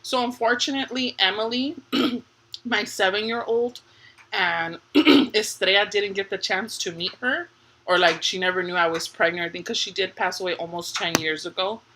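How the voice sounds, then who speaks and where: A woman's voice: medium pitch, normal speed, slight background noise, low-quality recording. A woman in her thirties, a family vlogger, telling family stories in casual chat with frequent laughter. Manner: laughing, lively storytelling.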